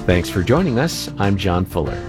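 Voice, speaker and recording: A man announcing and co-hosting a radio show in a measured style. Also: low-pitched, very animated, music in the background. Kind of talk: announcer reading.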